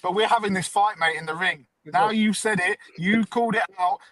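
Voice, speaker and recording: A man's voice: high-pitched, fairly quick, crowd noise. A man co-hosting a live podcast stream, teasing others in mock outrage. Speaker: podcast co-host. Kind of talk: casual live-stream banter.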